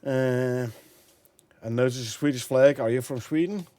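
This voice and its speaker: A man's voice: mid-range voice, measured pace, warm tone, slight background noise. Dutch man chatting on a live stream. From Netherlands. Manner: thinks aloud, chats with viewers, laughs often. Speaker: gameplay streamer. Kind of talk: casual live-stream commentary.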